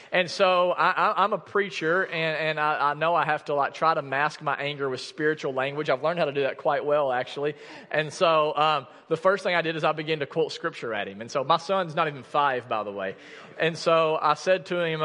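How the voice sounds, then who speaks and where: A man's voice: fairly high pitch, bright, forceful tone. A man in his thirties preaching a sermon, telling a personal story candidly and often restarting his sentences. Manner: candid storytelling with many restarts and filler words. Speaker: pastor. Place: church sanctuary. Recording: church hall with long reverb.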